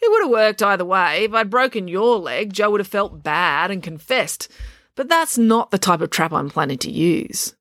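A woman's voice: medium pitch, lively intonation, moderate pace, a bit bright, dry recording, studio quality, pitched above the performer's own voice, lightly acted. A woman voicing a self-absorbed, bossy young girl who talks bluntly and impatiently.

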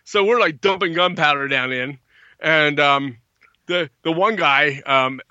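A man recounts a story in an animated, bright voice that leaps up for quoted lines. The sound is dry and a little dull, like a lo-fi recording. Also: a little high, a little slow, clear, resonant tone, no room sound. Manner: animated, acts out quotes in a raised voice. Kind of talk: casual storytelling.

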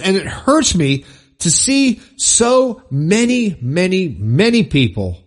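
A man hosting a podcast, fired up and preachy, repeating phrases for emphasis in a husky voice. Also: on the high side. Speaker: podcast host. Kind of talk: impassioned motivational monologue.

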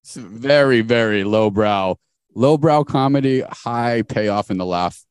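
A man's voice: lowish voice, a little slow, clean tone, no room sound. A man in his forties hosting a podcast, laid-back and jokey with lots of slang. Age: 40s. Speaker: podcast host. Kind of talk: casual chat.

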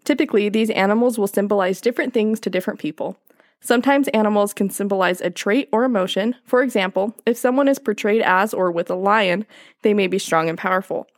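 A woman's voice: mid-range voice, quick pace, dry recording. A young woman co-hosts a casual podcast, reading from her notes in a mid-range voice. She keeps slipping into fits of giggles. The sound is dry and close. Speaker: podcast co-host.

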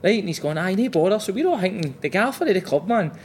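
A man's voice: high-pitched, animated, quick pace, slight background noise. A Scottish man co-hosting a casual chat, laughing and swearing as he tells stories. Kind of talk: casual banter.

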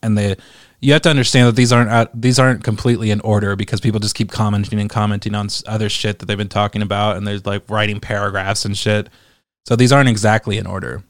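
A man's voice: fairly low pitch, flat delivery, quick pace, dry recording, studio quality. A man reading online comments aloud and reacting with profane, exasperated, sarcastic commentary. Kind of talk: casual ranting commentary.

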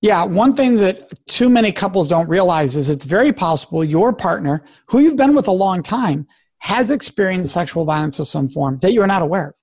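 A man's voice: high voice, animated, moderate pace, darkish tone, no echo, clean studio sound. Earnest man coaching on talk radio. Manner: earnest, coaching tone, acts out example phrases. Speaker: guest expert on sexual respect. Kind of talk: radio talk show interview.

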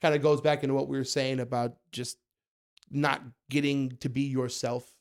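A young man telling stories in a casual podcast chat, acting out quotes in a high voice. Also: normal speed, smooth. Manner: animated storyteller, acts out quotes in a high voice. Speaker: guest, food content creator.

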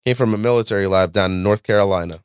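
A man hosting a podcast, ranting and lecturing in a loud, profane, animated way. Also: fairly low pitch, rapid-fire, smooth, dry recording, clean studio sound. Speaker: podcast host. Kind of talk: casual podcast chat.

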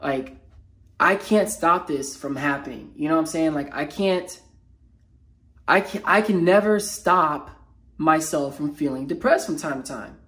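A man who speaks as a mental health motivational speaker, talking unscripted in a personal vlog while feeling low. His speech is halting, raw and emotional, full of slangy fillers and restarts. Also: pushed and bright.

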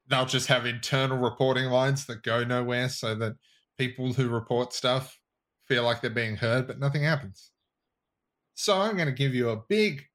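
Fired-up, swearing podcast host. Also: male voice, mid-range voice, a bit bright. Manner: fired-up ranting, swears freely. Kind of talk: casual podcast chat.

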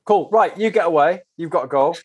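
A man's voice: a little high, fairly quick, breathy edge. A man hosting a podcast, chatting casually and wrapping up with a guest. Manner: friendly, brief, wrapping up the chat. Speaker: podcast host.

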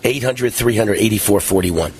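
A man hosting a talk radio show, reading an ad and speaking emphatically and indignantly, pushing up to near-shouts. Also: on the low side, normal speed, slightly rough. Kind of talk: talk radio host and ad read.

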